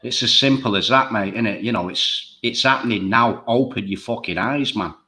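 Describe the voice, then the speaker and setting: A man's voice: on the low side, moderate pace, sharp tone. A man talking bluntly and emphatically in a casual chat show, swearing freely.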